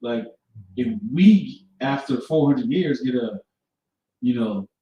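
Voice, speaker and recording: A man chatting casually in a rambling, halting way, full of fillers and restarts. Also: medium pitch, expressive, mellow, highs cut off, slight background noise. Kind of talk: casual chat. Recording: distant mic in very echoey room.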